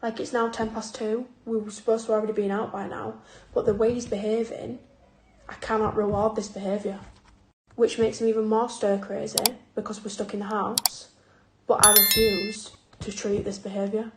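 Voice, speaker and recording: A woman, a mother, calmly and wearily recounting a hard day at home. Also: medium pitch, moderate pace. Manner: calm, weary recounting. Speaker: single mother. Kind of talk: casual vlog. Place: home, indoors. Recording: echoey room, faint noise.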